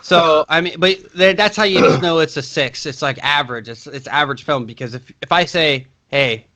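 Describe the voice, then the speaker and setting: A man's voice: fairly high pitch, fairly quick, bright, forceful tone. A man co-hosting a casual movie podcast, rambling with frequent restarts and swearing. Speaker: podcast co-host.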